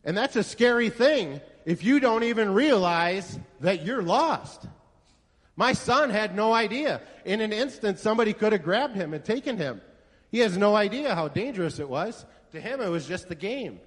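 In an echoey hall, a man preaches a sermon to the congregation, his high voice expressive and his pace moderate. He tells a story and leans hard on rhetorical questions.

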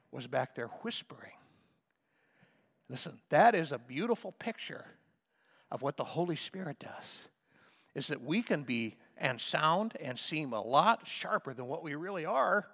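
An older man preaching a sermon as a pastor, swinging between hushed talk and impassioned shouts. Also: a little high, husky, in a large hall.

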